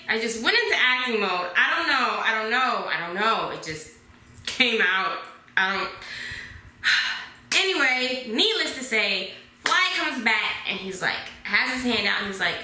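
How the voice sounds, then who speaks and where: A woman in her twenties telling a dramatic storytime vlog, dropping to hushed whispers at times. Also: medium pitch, lively intonation, normal speed, slight background noise. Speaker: vlogger. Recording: echoey room.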